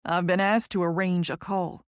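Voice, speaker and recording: A woman's voice: lowish voice, steady tone, moderate pace, no room sound, clean studio sound, lightly acted. Woman voicing a folksy Kentucky lawyer man. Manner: folksy, calls her honey. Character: small older lawyer man with a thick drawl.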